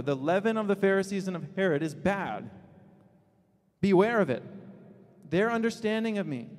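A man preaching in a somewhat high voice, building to emphatic declarations and then dropping into low, quiet asides. His words ring out with a long reverb in a church sanctuary. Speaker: pastor. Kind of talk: sermon. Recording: long reverb of a large hall.

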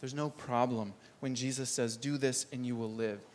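A man preaching a sermon, earnest, lifting his voice for emphasis and dropping low to press his points home. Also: steady tone, normal speed, slight background noise.

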